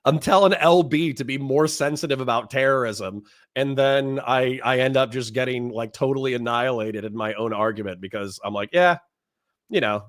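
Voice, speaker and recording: A man's voice: mid-range voice, brisk, few pauses. A man hosting a live stream, chatting casually and breaking into laughter. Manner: animated, laughs a lot. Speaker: stream host.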